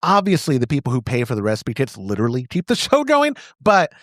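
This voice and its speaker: A man's voice: mid-range voice, huge pitch swings, fast, fairly bright tone, no room sound, clean studio sound. A man with a Texan accent hosting a podcast in casual chat, joking and teasing his co-host. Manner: joking, playful, self-mocking.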